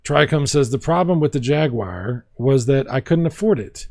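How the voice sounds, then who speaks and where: A man's voice: mid-range voice, animated, normal speed, a little mellow. A man hosting a casual video game livestream, reading viewer comments aloud with playful asides and frequent laughs. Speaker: livestream host.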